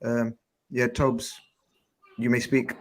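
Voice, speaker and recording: Mid-pitched man debating football. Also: level tone. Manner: measured explaining, then teasing pushback. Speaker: podcast co-host. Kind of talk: casual football chat.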